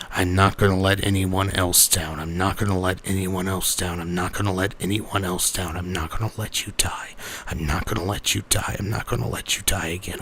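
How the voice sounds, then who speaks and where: A man voicing a gravelly, rambling young pegasus. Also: low voice, a bit bright, slight background noise. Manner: rambling, self-correcting, easily flustered. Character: young male pegasus, rough, uneducated, big-hearted. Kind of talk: in-character storytelling.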